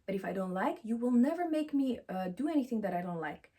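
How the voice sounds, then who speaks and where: A woman's voice: a little high, expressive, fast talker, mellow, husky. A woman giving a motivational self-help talk, emphatic and affirming, who repeats encouraging phrases and speaks English with slightly non-native grammar.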